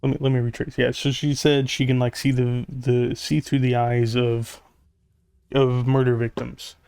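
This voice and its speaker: A man chats casually over a video game at a middle pitch. He rambles and stumbles through his story and drops in dry, sarcastic jokes. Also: level tone, moderate pace, vocal fry, a little mellow, smooth, no echo. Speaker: gaming YouTuber. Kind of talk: casual commentary over gameplay.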